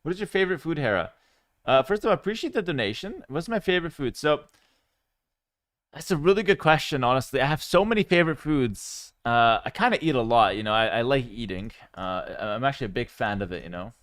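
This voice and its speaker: A man streaming live, chatting casually with viewers in a relaxed, rambling way, with fillers. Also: medium pitch, fast talker, no room sound, clean studio sound. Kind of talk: casual livestream chat.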